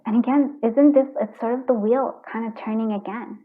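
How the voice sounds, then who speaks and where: A woman's voice: a little high, steady tone, moderate pace. A woman doing a casual tarot card reading, chatty and earnest, thinking aloud and restarting her sentences. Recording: tinny phone-like sound.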